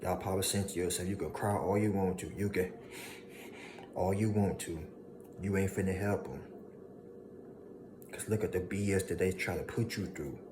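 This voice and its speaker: Preachy deep-voiced man with steady noise. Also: moderate pace, long pauses. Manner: preachy, emphatic, repeats lines for effect, mocking voices of haters. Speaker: motivational speaker. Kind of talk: motivational monologue to viewers.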